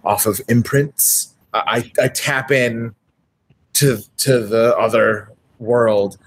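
A man's voice: medium pitch, fairly even intonation, slow, slight background noise. A man chatting as a player while building a tabletop character, rambling and hesitant with many restarts. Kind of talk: tabletop character creation chat.

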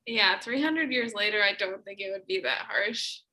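A woman's voice: medium pitch, moderate pace, sharp tone. A woman guest on a podcast, chatting casually about a film, giggling often and using many filler words. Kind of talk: casual chat.

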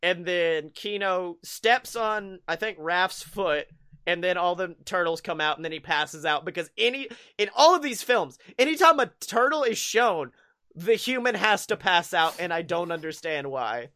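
A man's voice: high-pitched, moderate pace, sharp tone. A man hosting a podcast, recapping a movie in a rambling, profane way with frequent laughs. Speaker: podcast host. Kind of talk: casual chat recapping a movie.

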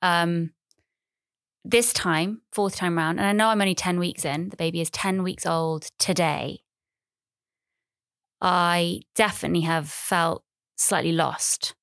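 Rambling woman, low dry voice. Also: fairly even intonation, unhurried, pauses often, fairly bright tone, dry recording. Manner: rambling, chatty, self-deprecating, repeats phrases. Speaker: podcast host. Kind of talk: casual solo podcast monologue.

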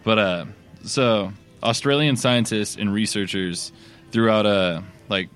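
A man with a low voice tells a news item in loose, rambling bar talk. He leans on fillers and laughs as he goes, like a co-host chatting with friends over drinks. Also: measured pace, fairly bright tone, clear, resonant tone. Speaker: podcast co-host reading news. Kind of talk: casual bar chat. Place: sports bar.

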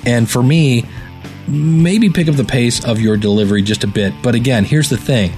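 A man hosts a podcast review show and talks through his critique in an easy, unscripted way. He puts stress on certain words and fills gaps with "uh." A faint guitar plays quietly under his voice. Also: mid-range voice. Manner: conversational, with filler words and deliberate word stress. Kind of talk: casual spoken critique.

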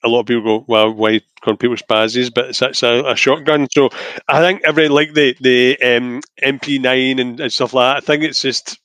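A man with a mid-pitched voice, chatting easily on a podcast. He talks in a relaxed, laid-back way. The recording is dry and close. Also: brisk, no room sound. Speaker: podcast co-host. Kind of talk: casual chat.

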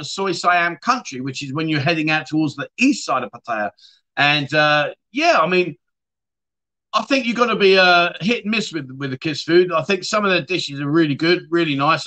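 A man hosting a casual livestream chat show, rambling warmly and reading viewer comments aloud with friendly asides. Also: a little high. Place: lives abroad in Thailand.

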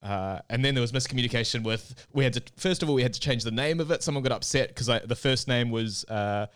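A man's voice: mid-range voice, fast talker, clear, resonant tone. Dry, easygoing podcast co-host, male. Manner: relaxed, dry storyteller. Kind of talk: casual podcast chat.

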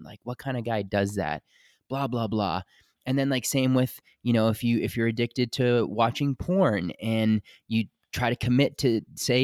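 A man's voice: medium pitch, no echo, clean studio sound. A man hosting a podcast in casual conversation, talking candidly and animatedly and swearing freely. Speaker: podcast host.

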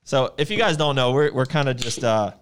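A young man co-hosting a podcast in casual chat, animated and rambling, laughing often. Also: medium pitch, fairly quick, a little hiss or hum. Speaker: podcast co-host.

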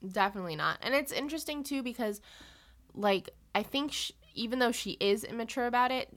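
A woman's voice: on the high side, expressive, brisk, fairly bright tone. A young woman co-hosting a podcast, rambling casually with many "like"s and playfully imitating characters as she recaps a TV episode. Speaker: podcast co-host.

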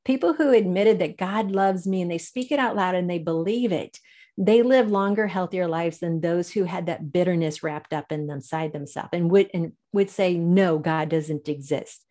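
Lively low-voiced woman telling her story. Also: moderate pace. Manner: animated storyteller, laughs often, acts out quoted voices. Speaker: guest. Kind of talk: faith-based interview storytelling.

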